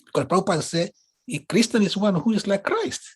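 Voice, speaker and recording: Moderator, husky voice, earnest questioning. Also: mid-range voice, expressive, a little fast, darkish tone.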